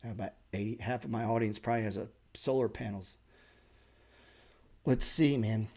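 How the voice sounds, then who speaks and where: A man's voice: on the low side, steady tone, moderate pace, warm tone. A man teaching a live class on trading, talking bluntly and emphatically with lots of swearing and sarcastic asides. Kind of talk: casual live class talk.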